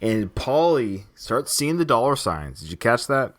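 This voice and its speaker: Lively male podcast host. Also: mid-range voice, measured pace. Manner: lively, laughs often, quotes lines from the film. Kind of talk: casual film commentary.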